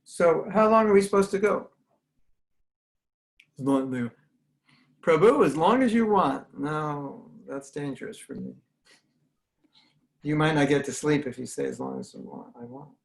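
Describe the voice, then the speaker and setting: A man's voice: a little high, a little slow, creaky, long pauses, poor audio. An American man giving an earnest, conversational spiritual talk over a video call, acting out the voices he quotes. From United States. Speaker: spiritual teacher. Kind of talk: online talk with questions.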